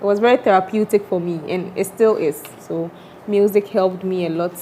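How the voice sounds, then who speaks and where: A woman's voice: medium pitch, fairly even intonation, normal speed, dark tone, slight background noise. A woman who is a doctor and mother, talking openly on a talk show about life after giving birth. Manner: open, reflective storytelling. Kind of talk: candid talk-show chat.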